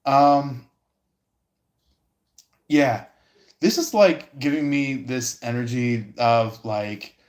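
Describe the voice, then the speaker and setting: A man giving a casual livestream tarot reading, rambling with many pauses and fillers. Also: mid-range voice. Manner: rambling, lots of fillers and restarts.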